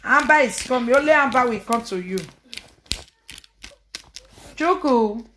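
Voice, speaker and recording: High-voiced woman coaxing and laughing. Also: lively intonation, unhurried, sharp tone, echoey room, a little hiss or hum. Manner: coaxing and teasing, laughing often. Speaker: vlogger filming her family. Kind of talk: casual home vlog chatter.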